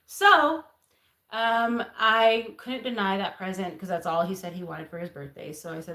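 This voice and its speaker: A woman's voice: medium pitch, moderate pace. A young woman co-hosting a casual chat, telling a story with laughs and acted-out quotes. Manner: animated, acts out quoted voices, laughs often. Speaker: co-host, host's wife. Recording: roomy echo.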